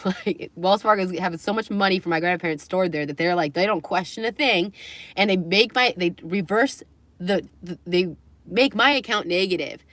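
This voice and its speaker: A woman's voice: lowish voice, fairly bright tone, no echo. A young adult woman livestreaming, telling a personal story in a candid, rambling way, swearing and laughing between phrases.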